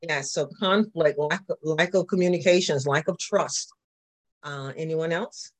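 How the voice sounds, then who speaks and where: A man's voice: fairly high pitch, a little slow. A man with a Southern accent, teaching a church class and asking the group questions as he goes. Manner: repetitive, asks the class questions. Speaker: pastor.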